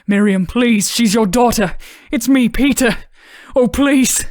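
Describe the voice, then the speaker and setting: A woman narrator voicing a big, desperate father in an audiobook who pleads and shouts. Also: fairly high pitch, takes it slowly, no room sound, studio quality, voice pushed up.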